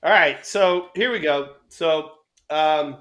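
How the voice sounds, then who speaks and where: A man's voice: on the high side, slow pace. A middle-aged man co-hosting a casual baseball talk show, telling stories with acted-out voices and plenty of swearing. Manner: animated storyteller, acts out voices, swears freely. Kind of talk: casual storytelling chat.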